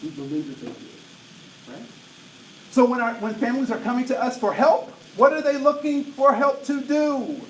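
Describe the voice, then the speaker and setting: A man in his late forties giving an energetic diversity talk to an audience, often asking "right?" to check in with them. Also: extremely high pitch, normal speed. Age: 40s. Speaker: diversity trainer. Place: large room with an audience. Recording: roomy echo, voice from a distance, faint noise.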